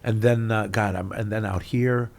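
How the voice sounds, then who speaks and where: A man, a guest actor telling stories in an animated interview chat, swinging between loud bursts and mutters. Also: fairly low pitch, normal speed, gravelly.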